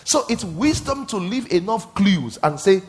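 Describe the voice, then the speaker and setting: A male pastor in middle age delivers a sermon in a somewhat high voice. He drops into quiet, confiding asides, then bursts into loud exclamations and asks the crowd to answer back. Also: big pitch swings, unhurried. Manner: preachy, call-and-response, swings from soft asides to loud exclamations.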